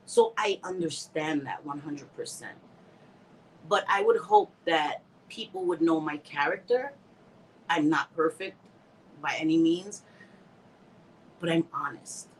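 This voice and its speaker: A livestream host reads viewer comments and answers them casually, teary and emotional yet laughing through it, heartfelt and rambling. Still getting over a bad cold, she sounds slightly stuffy. Her low voice is very animated and unhurried with long pauses, and the recording is low quality.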